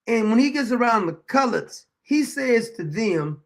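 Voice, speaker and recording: A man's voice: high-pitched, animated, moderate pace, creaky, few pauses, fairly bright tone. A man hosting a livestream, talking in a loose, colloquial way and chuckling often. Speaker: host. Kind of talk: livestream commentary.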